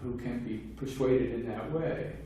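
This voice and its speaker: A man's voice: mid-range voice, a little slow, warm tone. Older man lecturing in an echoey room. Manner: discursive, many restarts and fillers, acts out quoted voices. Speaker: philosophy lecturer. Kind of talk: seminar talk. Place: seminar room. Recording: very echoey room, distant mic, faint hiss.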